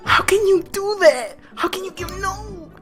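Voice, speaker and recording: A woman streaming a game, reacting loudly with laughter, swearing and excited outbursts. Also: very high-pitched, unhurried, soft background music. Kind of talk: casual gaming commentary.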